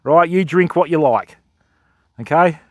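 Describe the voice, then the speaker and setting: A man's voice: fairly high pitch, unhurried, a little mellow, no room sound. A Western Australian man hosting a fishing livestream outdoors, bantering and joking with his chat. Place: outdoors by a river shore.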